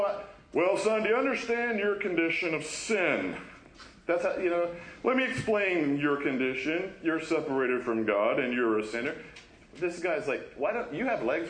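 Male pastor, fairly high voice, chatty sermon delivery with acted-out quotes, echoey church room. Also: a little hiss or hum. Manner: conversational, acts out quoted voices, laughs often. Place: church sanctuary.

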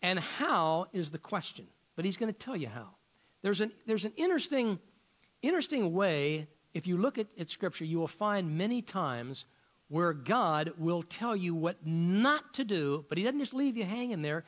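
A man's voice: high-pitched, very animated, moderate pace, a bit bright. A man preaching a sermon as a pastor, firing off rhetorical questions and often repeating words as he searches for the next thought.

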